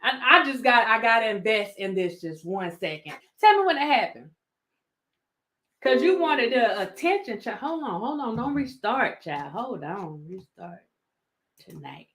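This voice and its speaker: A woman's voice: a little high, expressive, unhurried, a bit bright. A woman with a Southern American accent, hosting a casual commentary vlog, sassy and laughing often as she talks to her viewers. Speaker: YouTube commentary host.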